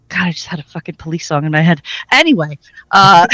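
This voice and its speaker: A woman describing her character's brewery and speaking in character in a tabletop role-playing game, with many pauses and fillers. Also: lowish voice, lively intonation, pushed and bright, no echo, highs cut off. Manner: hesitant, many fillers and restarts, laughs often. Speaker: player voicing her character. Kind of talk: tabletop role-play narration and in-character talk.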